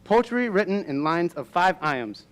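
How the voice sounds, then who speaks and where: A man's voice: high voice, very animated, a little slow. A young man playing a know-it-all male scholar who lectures and explains in a school stage play. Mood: lecturing.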